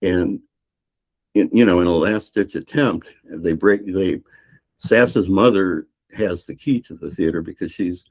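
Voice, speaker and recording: A man's voice: low voice, unhurried, a little mellow. An older man, a novelist, retelling his book's plot in a podcast interview, rambling with restarts and fillers. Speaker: novelist guest.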